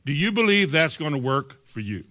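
A man's voice: a little high, sing-song, normal speed, sharp tone. Preaching man firing rhetorical questions. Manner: rhetorical questions, acts out doubters' replies. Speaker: pastor. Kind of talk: sermon.

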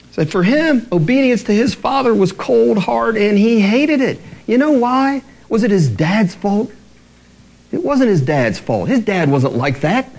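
An earnest man preaching a sermon, his voice sitting a little high and swinging widely in pitch. He slows down and drops low when he reads scripture, and he laughs lightly between points. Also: darkish tone. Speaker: pastor.

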